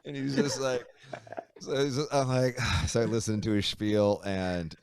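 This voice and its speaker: A man being interviewed, telling a long story in a casual, animated way, swearing freely and acting out the people in it. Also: on the low side, unhurried, a little hiss or hum. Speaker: musician guest.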